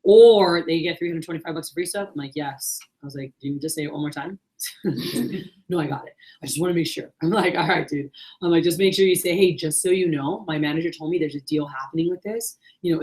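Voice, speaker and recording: Fast-talking woman telling sales stories. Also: deep voice, a little mellow, low-quality recording. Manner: storytelling, acts out calls. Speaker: sales manager. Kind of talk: sales training talk.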